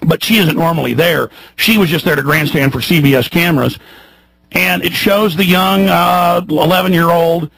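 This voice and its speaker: Gravelly man ranting on talk radio. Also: fairly even intonation, moderate pace, no echo, low-quality recording. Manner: fiery, ranting, swings from loud shouts to low mutters. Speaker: radio talk show host. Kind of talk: heated radio monologue. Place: radio studio.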